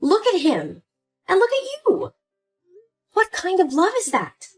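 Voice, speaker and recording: A woman's voice: very high voice, huge pitch swings, a little slow, faint music behind, voice pushed up, heavily acted. A woman voicing an upset young adult daughter in a dramatized story, pleading and indignant. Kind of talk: scripted story voice acting.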